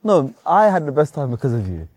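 A man's voice: a little high, big pitch swings, fairly quick, a little mellow, slight background noise. A cheerful young man with a Scottish accent, chatting and teasing on a city street. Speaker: vlogger. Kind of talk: casual chat while filming on the street.

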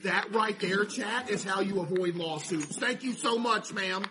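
Excitable high-voiced male streamer. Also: measured pace, background noise. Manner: animated, mock-stressed, talks to chat. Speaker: streamer playing a laundromat game. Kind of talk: casual gameplay commentary to chat.

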